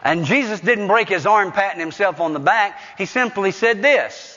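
A man preaching a sermon as pastor at a church service, building to rising, insistent peaks and dropping into quick asides. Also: high-pitched, animated, sharp tone, long reverb tail, highs cut off.

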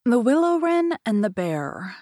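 A woman's voice: on the high side, dry recording, clean studio sound. Woman narrating a fairy tale. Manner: measured, expressive reading. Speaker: podcast host and reader. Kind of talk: storybook narration.

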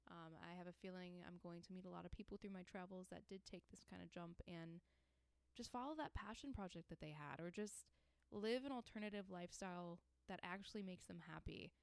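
Young woman doing a solo podcast, smooth clear voice, dry sound, earnest and encouraging. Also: on the low side, fairly quick, dry recording. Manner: earnest and encouraging, with frequent restarts. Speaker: podcast host. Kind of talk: casual solo podcast monologue.

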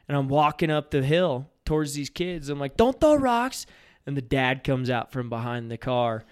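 A man, a fishing guide and podcast co-host telling an animated story in casual chat. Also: mid-range voice, normal speed, smooth. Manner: animated storyteller, acts out shouts in quotes.

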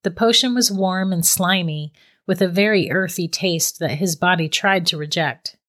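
Brief: female storyteller, slightly low pitch, even and measured narration.

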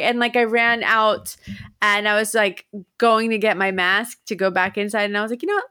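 A woman's voice: mid-range voice, fairly quick, clean tone, no room sound, studio quality. A woman co-hosting a casual comedy podcast, telling stories in a chatty way. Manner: chatty storyteller, animated when retelling. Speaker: podcast co-host.

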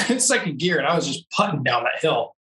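Male guest, lively storyteller, bright tone, roomy echo, set back from the mic. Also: on the high side, fairly quick, distant mic. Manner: animated storyteller, laughs often. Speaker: interview guest, off-road racer. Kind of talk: casual storytelling interview.

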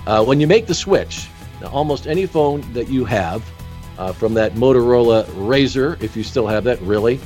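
A man's voice: mid-range voice, expressive, a little mellow, faint music behind. A man hosting an interview show and reading an ad in a folksy, salesman-like way. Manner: folksy, salesman-like, asks quick questions. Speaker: podcast host. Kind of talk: interview and live-read ad.

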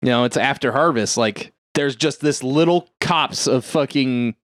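Unhurried and mid-range, his voice comes through a dry recording with clean studio sound. As a podcast co-host in casual conversation, he animatedly narrates a film scene, cursing freely and acting out the quotes.

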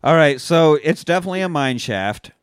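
A man's voice: a little high, animated, brisk, smooth, dry recording, clean studio sound. A man co-hosting a movie rewatch podcast, recapping scenes casually and acting out bits of dialogue. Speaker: podcast co-host.

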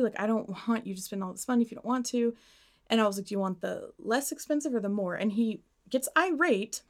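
A young woman co-hosting a podcast, telling a long personal story in casual chat, animated and swearing as she acts out what people said. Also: mid-range voice. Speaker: podcast co-host.

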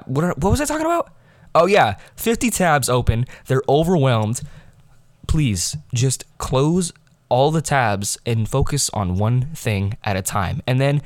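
A man's voice: mid-range voice, no echo. A teenage boy hosting a rambling solo podcast from his bedroom, often losing his train of thought and correcting himself. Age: teens. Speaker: podcast host. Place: his room at home.

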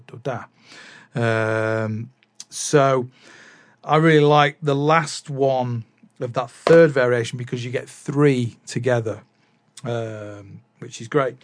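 Man, casual rambling chat, mid-pitched voice, dry close sound. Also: no echo. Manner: rambling, many fillers and restarts. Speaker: drummer vlogger.

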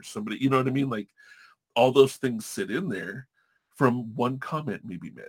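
A man's voice: mid-range voice, a little fast, slightly rough. A man hosting a casual podcast chat, talking candidly and profanely, rambling through restarts.

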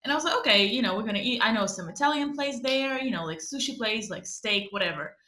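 A woman's voice: on the high side, animated, fast, bright, forceful tone. A young woman from Ukraine, chatting as a podcast co-host, swearing freely and laughing often as she tells a story. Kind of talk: casual storytelling chat. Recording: echoey room.

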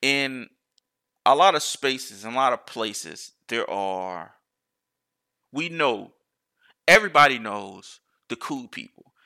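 Man, casual solo rant, bright tone, profane, rambling restarts. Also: mid-range voice, expressive, slow pace, long pauses. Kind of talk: casual monologue.

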